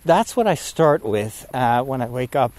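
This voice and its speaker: A priest podcaster recording a casual vlog outdoors while walking, a bit out of breath, talking in a rambling, easily distracted way. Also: male voice, mid-range voice, lively intonation, unhurried, darkish tone. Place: outdoors on a walk at sunset.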